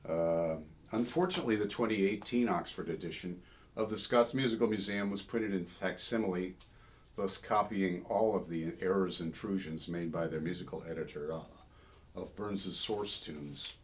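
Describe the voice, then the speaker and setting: Deep-voiced man musing on an old song. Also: normal speed. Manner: thoughtful, digressive, sings short phrases to illustrate. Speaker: folk singer and song scholar. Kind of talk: informal spoken commentary on a song.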